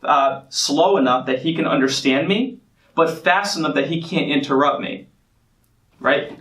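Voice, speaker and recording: A man's voice: high voice, a bit bright, roomy sound, recorded from a distance. A man coaching salespeople on a phone script, confident and emphatic, acting out bits of the call as he explains them. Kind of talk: sales training talk.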